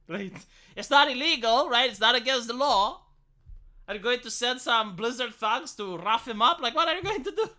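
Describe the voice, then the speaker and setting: A man's voice: very high voice, expressive, normal speed, sharp tone. A man, a live streamer rambling through an opinionated, sarcastic late-night rant, swearing casually as he goes.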